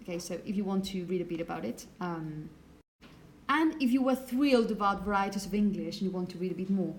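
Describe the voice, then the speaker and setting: A woman's voice: mid-range voice, a little fast, slight background noise. A woman teaching a phonetics class in a classroom, chatty and apologetic, putting questions to her students. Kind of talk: classroom lecture.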